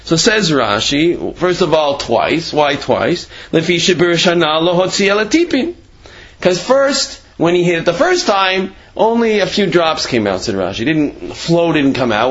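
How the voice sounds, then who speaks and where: A man's voice: fairly high pitch, a bit bright, dull audio. A man teaching a Torah class on Rashi's commentary in a conversational way. He adds many asides and acts out quoted speech. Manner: conversational, many "you know" asides and restarts.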